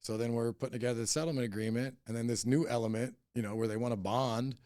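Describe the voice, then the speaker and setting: A man's voice: medium pitch, steady tone, quick pace, mellow, no echo, clean studio sound. A middle-aged man, a company boss on a podcast, telling a story bluntly and heatedly with heavy swearing. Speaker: cannabis company CEO, podcast guest. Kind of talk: casual interview storytelling.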